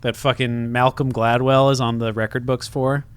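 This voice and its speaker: A man's voice: mid-range voice, little pitch movement, normal speed, clean tone. A man co-hosting a casual podcast, blunt and sarcastic, swearing freely as he talks. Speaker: podcast co-host. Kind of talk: casual chat.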